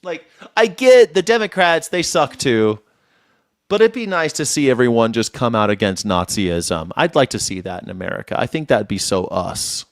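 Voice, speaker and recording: A man's voice: mid-range voice, animated, moderate pace, dry recording, clean studio sound. A man hosting a casual commentary show, reacting to news clips with profane, wry asides.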